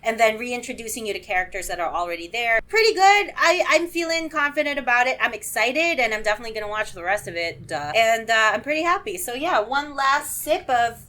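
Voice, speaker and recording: A woman reviewing shows in a casual vlog, gushing and excitable, and swearing freely as she talks. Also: fairly high pitch, fairly quick. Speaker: show reviewer.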